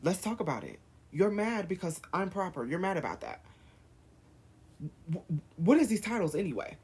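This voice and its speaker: A man's voice: high-pitched, big pitch swings, normal speed, a little mellow, breathy edge. A man vlogging, firing off heated rhetorical questions in a rant to camera. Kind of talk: ranting to camera.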